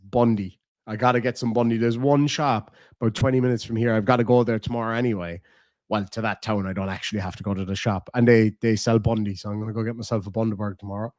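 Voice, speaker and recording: An Irish man who streams reactions chats to his viewers in a casual, rambling way. His voice is medium-pitched with a darkish tone, and the mic is completely dry with no room sound; he's laid-back, chatty and profane.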